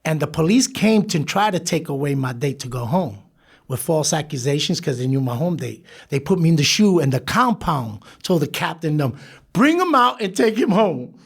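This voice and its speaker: Gravelly-voiced man telling prison stories. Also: fairly high pitch, moderate pace. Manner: animated, laughs through stories, acts out quoted voices. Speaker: podcast guest. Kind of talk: storytelling interview.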